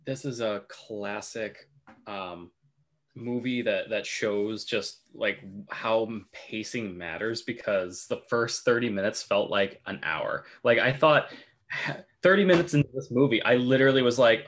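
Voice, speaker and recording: A man's voice: fairly low pitch, measured pace, a bit bright. A man in a casual film discussion, ranting with profanity and exasperation. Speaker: podcast co-host.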